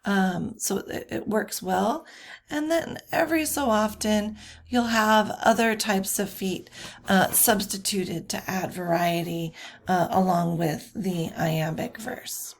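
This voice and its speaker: Woman giving a slide lecture, slow, lots of uhs and ums, fixes herself mid-sentence. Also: mid-range voice, creaky. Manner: slow, many fillers and self-corrections. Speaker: teacher.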